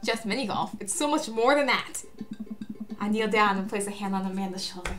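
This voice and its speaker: A woman's voice: medium pitch, fairly quick, music in the background. A young woman reading a dating-sim game aloud with a friend, taking the dad's lines with gusto. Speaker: co-player.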